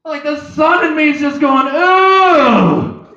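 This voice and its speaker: Young man, stand-up comedy, high lively voice, echoey club, dull low-fi sound. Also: normal speed. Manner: animated, jumps into loud high voices for characters.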